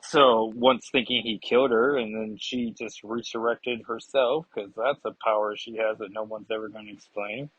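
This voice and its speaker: Husky guy rambling about comics, lots of ums, dull dry sound. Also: lowish voice, steady tone, normal speed, hardly any pauses, a bit bright, no echo. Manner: rambling, digressive, with many fillers. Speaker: comic book reviewer. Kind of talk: casual comic review.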